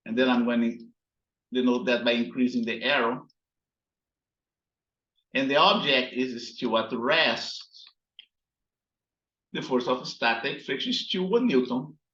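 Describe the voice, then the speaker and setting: A man teaching a physics class, slowly explaining while working on slides and often checking in with "right?". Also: medium pitch, bright, forceful tone. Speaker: physics instructor. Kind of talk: recorded classroom lecture. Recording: echoey, dull lo-fi room sound.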